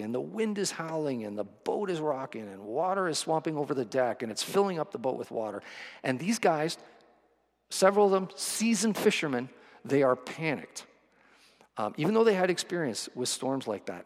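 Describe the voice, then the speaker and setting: A man's voice: mid-range voice, in a large hall. A male pastor preaching a sermon with vivid storytelling, acting out the quotes.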